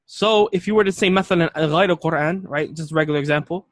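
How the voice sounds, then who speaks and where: A man's voice: on the high side, rapid-fire, fairly bright tone, no echo. A male teacher giving a classroom lecture, patient and explanatory, repeating key points and checking that students follow. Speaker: Arabic teacher.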